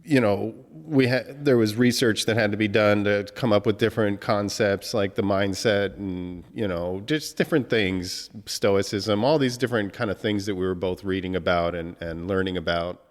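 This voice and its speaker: A man hosting a podcast, speaking emotionally in a halting tribute monologue, swearing often and breaking off to collect himself. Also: fairly low pitch, in a large hall. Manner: halting, many restarts and fillers, heavy swearing. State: emotional, choked up. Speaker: podcast host.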